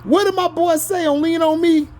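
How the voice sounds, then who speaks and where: A man's voice: very high voice, steady tone, moderate pace, a little mellow. A man from Florida in the US, ranting heatedly about sports to his viewers, argumentative and scolding. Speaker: vlogger. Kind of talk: sports rant to camera.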